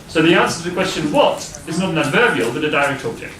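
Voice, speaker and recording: A man's voice: a little high, expressive, quick pace, a crowd in the background. A man lecturing a class, explaining step by step and checking that students follow. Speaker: university lecturer. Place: lecture hall. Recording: distant voice in a noisy, echoey lecture hall.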